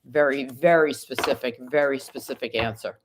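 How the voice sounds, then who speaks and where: A very deep-voiced woman speaks at normal speed over a noisy background. She's a tarot reader on a live stream who reads viewers' questions aloud and goes through her answers card by card while recovering from an illness.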